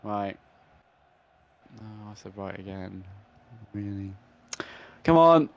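A young man commentating his own football video game play, swinging between frustrated groans and excited shouts. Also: on the low side, slow pace, gravelly, dry recording, highs cut off. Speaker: gaming YouTuber. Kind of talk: live gameplay commentary.

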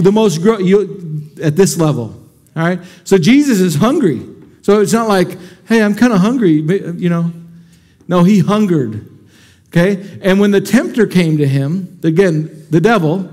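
A man's voice: sits high, a little mellow. A man, a pastor, preaching a conversational sermon to his congregation and often asking them questions. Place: church sanctuary before a congregation.

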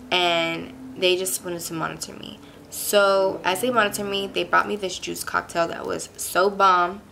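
A woman's voice: fairly low pitch, gravelly, fairly bright tone, slight background noise. A young woman from Pittsburgh telling a personal story in a casual, chatty way, full of "like" fillers and emphatic retelling. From Pittsburgh, USA. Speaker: vlogger.

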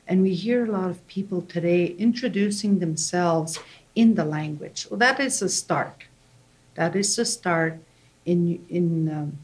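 A woman language teacher, explaining slowly and patiently and often checking in with "okay?". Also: on the low side, a little mellow, low-quality recording. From Canada. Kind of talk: language lesson.

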